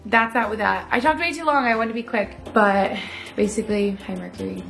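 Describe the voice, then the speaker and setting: A woman's voice: medium pitch, brisk, vocal fry, fairly bright tone. Young woman rambling on her vlog, like like like, faint music behind. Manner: chatty, lots of "like", quoting herself and others. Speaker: vlogger. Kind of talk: casual confessional vlog chat.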